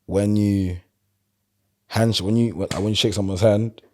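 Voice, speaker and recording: A man with a South London accent and a very low voice talks in a casual podcast conversation. He tells stories in a relaxed, rambling way. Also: unhurried, slight background noise. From London, England. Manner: relaxed storyteller, loose and chatty. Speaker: podcast guest.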